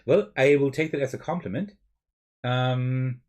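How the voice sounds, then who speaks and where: A man with a German accent, streaming live and thinking aloud through a card game, often checking with a quick "right?". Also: medium pitch, darkish tone. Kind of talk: live-stream gameplay commentary.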